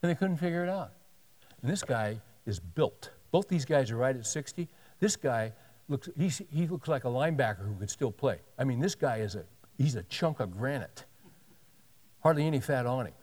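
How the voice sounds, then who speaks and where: A man's voice: medium pitch, lively intonation, normal speed, a little mellow, big-room sound. A male pastor telling a story in a sermon, animatedly acting out the dialogue of the people in it.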